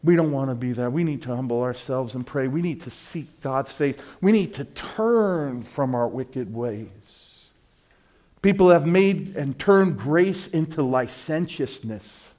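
A middle-aged man preaching a sermon, swinging from loud fervent peaks down to low, quiet storytelling. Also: expressive, unhurried.

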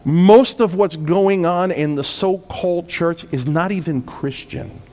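Guy preaching a sermon, high voice, gets loud then drops low, drawn-out punchy lines. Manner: preaching with sudden swells of volume and emphatic slowdowns. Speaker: pastor.

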